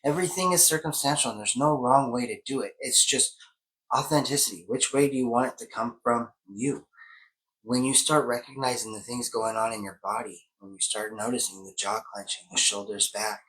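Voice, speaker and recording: A man's voice: mid-range voice, brisk, a bit bright, poor audio. A man in casual wellness chat who explains ideas step by step in an encouraging way.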